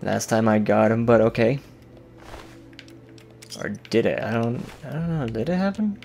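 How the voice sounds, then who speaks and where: A man's voice: mid-range voice, very animated, normal speed, gravelly, darkish tone, a little hiss or hum. A man giving casual let's-play commentary, joking and rambling and swearing freely as he plays. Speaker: gameplay commentator.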